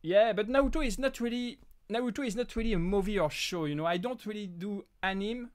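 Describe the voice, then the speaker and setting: A man from France with a French accent, whose first language is French, hosting a casual live Q&A and talking in halting bursts full of restarts. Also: sits high. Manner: halting, frequent restarts and fillers. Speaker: live stream host.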